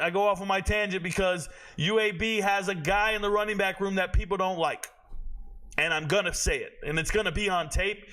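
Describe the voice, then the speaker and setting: Bright, high-voiced blunt man ranting. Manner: blunt, profane, rambling into tangents. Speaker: sports commentator and show host. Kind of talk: casual opinionated rant.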